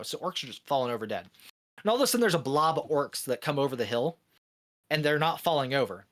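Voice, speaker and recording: A man co-hosting a gaming podcast, telling a long joke with lively energy, swearing freely and laughing often. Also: fairly high pitch, fast talker. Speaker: podcast co-host. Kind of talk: casual podcast chat.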